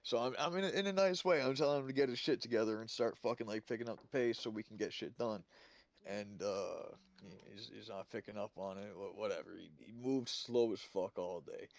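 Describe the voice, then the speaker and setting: A man's voice: on the low side, fairly quick, creaky. A man in casual chat, telling a rambling story peppered with swearing.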